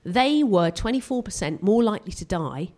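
A British woman performing live stand-up comedy at a venue, animated and self-mocking, jumping her voice up for punchlines. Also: medium pitch. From Britain. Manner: animated and self-mocking, with quick vocal jumps.

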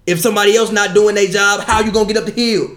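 A man's voice: high voice, fairly even intonation, quick pace, a bit bright. A man hosting a podcast, insistently pushing back with slangy, profane repetitions in a casual debate. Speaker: podcast host. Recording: echoey room with faint noise.

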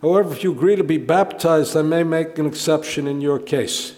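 Curt bigoted foreman guy, a lecturer putting him on, higher voice, long hall echo. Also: a little fast, a little mellow, lightly acted. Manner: curt and dismissive. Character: gruff bigoted male publishing foreman.

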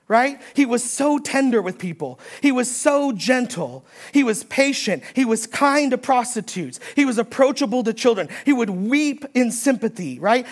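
A high-pitched woman delivers a Sunday sermon. She preaches emphatically, repeating her key points and building force as she quotes scripture. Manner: emphatic preaching, repeating key phrases, rising when quoting. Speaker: pastor.

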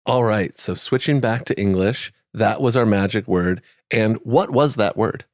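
A man hosts a podcast in a relaxed, affectionate chat. His voice sits a bit low, and the recording is dry and close. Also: unhurried, no echo. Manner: easygoing, affectionate. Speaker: podcast host. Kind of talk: casual chat.

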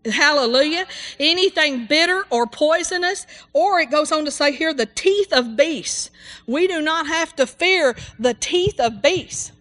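A woman's voice: high voice, expressive, measured pace, fairly bright tone. A woman preaching a sermon in a fervent, rambling way, full of hallelujahs and amens. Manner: rambling, with restarts and asides.

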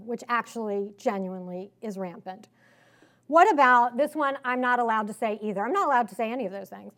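A woman with a slight Southern accent giving a political speech to a live audience, emphatic and sarcastic, full of rhetorical questions. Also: fairly high pitch. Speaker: conference speaker. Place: conference hall.

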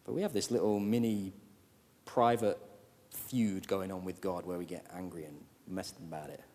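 A male pastor preaching a sermon, swinging from hushed, slow lines to loud, animated outbursts. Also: sits low. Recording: long hall reverb.

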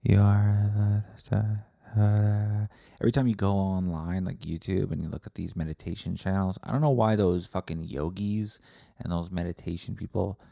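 Gravelly, sarcastic man ranting solo. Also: sits low, steady tone, brisk, warm tone, no echo, clean studio sound. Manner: sarcastic, profane, self-interrupting. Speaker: podcast host. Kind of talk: solo rambling podcast rant.

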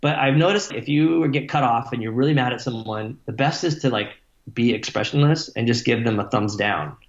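A man's voice: mid-range voice, normal speed. A man answers interview questions in a loose, wandering way, swearing freely and leaning on fillers. His voice carries a roomy echo, and the sound is slightly dull. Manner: rambling, profane, many fillers like "like" and "you know". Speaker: musician guest. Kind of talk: casual interview talk.

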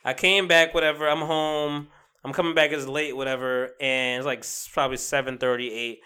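A young man co-hosting a casual podcast, telling animated stories full of swearing and laughter. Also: mid-range voice, fairly quick, clean tone. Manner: animated storytelling, swears a lot, laughs often. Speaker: podcast co-host. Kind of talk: casual chat.

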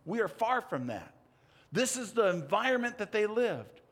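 A man preaching a sermon, telling a story dramatically with big swings in pitch and loudness. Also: very animated, normal speed.

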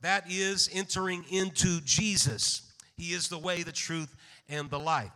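A man preaching a sermon in a church sanctuary, speaking in a measured way and calling out amen. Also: sits high, bright, forceful tone. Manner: measured, slows for scripture readings, calls out amen. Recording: long hall reverb.

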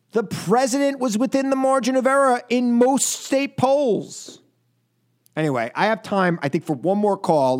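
A man hosting a call-in radio show from a studio, animated and laughing, often repeating himself. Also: high voice. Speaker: radio talk show host.

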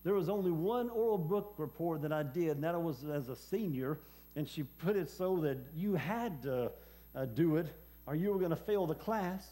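A man preaching a personal testimony sermon, speaking haltingly with many fillers and repeated words. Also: on the high side, lively intonation, warm tone. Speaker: preacher and former hospice chaplain.

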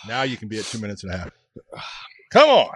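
A man co-hosting a podcast, teasing and goading his friend through a spicy chip challenge and laughing loudly. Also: fairly low pitch, racing, slightly rough, no room sound. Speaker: podcast co-host. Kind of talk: casual chat, teasing.

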